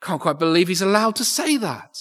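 A man's voice: sits high, big pitch swings, brisk, a bit bright, faint music behind. A man preaching a sermon in a church, earnest, often repeating words as he thinks aloud. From England. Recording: echoey church with long reverb.

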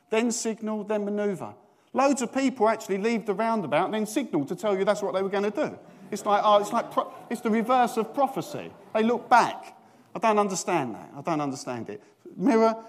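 Middle-aged man from Britain, preacher, fairly high voice, chatty sermon with self-deprecating jokes. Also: very animated, fast talker. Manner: chatty, self-mocking, asks the congregation questions. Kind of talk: storytelling sermon.

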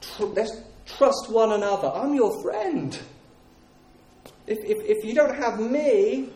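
A man voicing a sly, wheedling inner stronghold that pretends to be a friend, speaking softly in a hushed, coaxing way. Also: very high voice, lively intonation, slow, exaggerated voice. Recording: echoey room.

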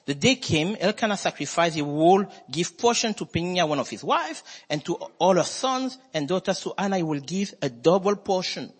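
A man preaching a sermon as pastor, emphatic and swinging his voice between high and low. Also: lively intonation, normal speed, few pauses, slightly rough. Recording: long hall reverb.

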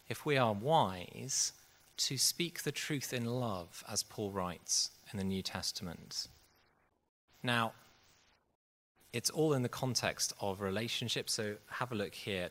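A man's voice: lowish voice, a bit bright. A man preaching a sermon in an earnest, conversational way. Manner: conversational, earnest, acts out quotes. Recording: long hall reverb.

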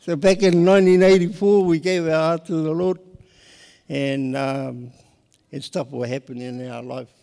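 Lively New man telling his story. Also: on the high side, a little slow, creaky, big-room sound. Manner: lively, laughs often while telling. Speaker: guest sharing his testimony. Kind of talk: personal storytelling.

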